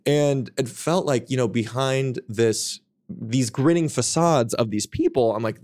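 A man's voice: mid-range voice, darkish tone, no echo, clean studio sound. Profane, frank man telling his story. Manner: profane, frank, quick asides and self-mocking. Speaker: podcast guest, author. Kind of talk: casual candid storytelling.

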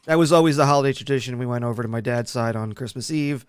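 A man co-hosting a podcast, chatting casually and relaxed about holiday plans. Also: medium pitch, fast talker, smooth, no echo. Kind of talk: casual chat.

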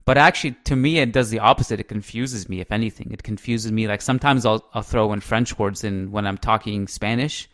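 A man's voice: fairly low pitch, brisk, hardly any pauses, fairly bright tone. Chatty man hosting a podcast. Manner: chatty, laughs easily, thinks aloud with restarts. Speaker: podcast host. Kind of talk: casual chat.

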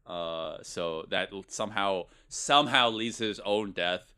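A man's voice: low voice, measured pace, pushed and bright, clear, resonant tone. A man co-hosting a casual podcast, mocking a movie with sarcastic, profane remarks and frequent laughs. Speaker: podcast co-host. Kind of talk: casual movie review chat.

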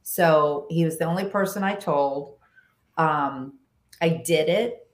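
A woman with a low voice tells a story in casual podcast chat. She is animated, restarts her sentences often and acts out what other people said. The room behind her sounds echoey. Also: slow pace. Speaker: podcast guest, long-distance motorcycle rider.

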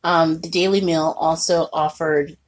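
A woman co-hosting a podcast in casual chat, laughing often and animated. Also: low-pitched. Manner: laughs often, animated, quick bursts of surprise. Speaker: podcast co-host.

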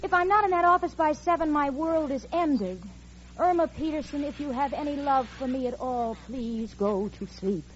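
A woman's voice: high-pitched, normal speed, slight background noise, natural voice. An actress playing a sensible, exasperated young working woman in 1940s radio comedy, with a wisecracking delivery. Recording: dull old radio recording with studio audience.

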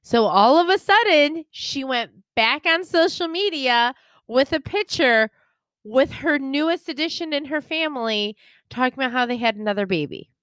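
A woman's voice: high voice, lively intonation, moderate pace, a bit bright, no echo. A young woman co-hosting a podcast, chatting and gossiping with sarcasm and frequent laughter. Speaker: podcast co-host. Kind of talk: casual gossip chat.

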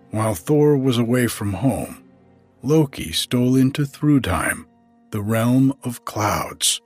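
A man narrating a storybook to the listener in an unhurried, gentle way. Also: fairly low pitch, slightly rough. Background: faint music.

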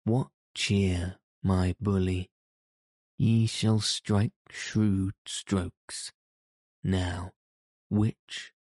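A man's voice: low-pitched, mellow, no room sound, studio quality. A man reading a bold, teasing teenage outlaw boy. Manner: jesting, archaic speech. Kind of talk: audiobook character reading.

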